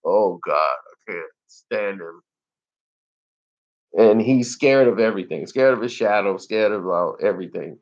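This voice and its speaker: Man reviewer, unhurried, lively and laughing, slightly muffled lo-fi sound. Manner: animated, laughs often, acts out scenes in high squeals. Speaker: movie reviewer. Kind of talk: casual movie review.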